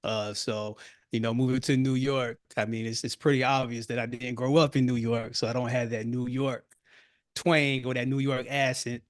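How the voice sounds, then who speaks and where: A man's voice: medium pitch, flat delivery, moderate pace, no echo, clean studio sound. A man from Florida with a Southern accent, a fitness coach chatting as a podcast guest in a friendly, easygoing drawl. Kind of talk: casual interview chat.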